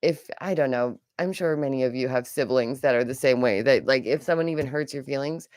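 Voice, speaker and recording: A woman's voice: extremely low pitch, a little fast, darkish tone, no echo, studio quality. A young adult woman giving casual, rambling reaction commentary as a vlogger, with lots of asides. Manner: chatty, rambling, with frequent asides and laughs.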